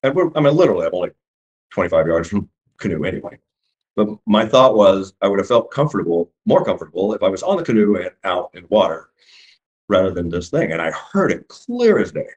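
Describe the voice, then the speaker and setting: A middle-aged man with a deep, low voice tells his story in an unpolished, casual way. He stops and restarts often and acts out the lines of dialogue. The recording sounds dull and lo-fi. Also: sing-song, a little fast. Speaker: eyewitness telling his story.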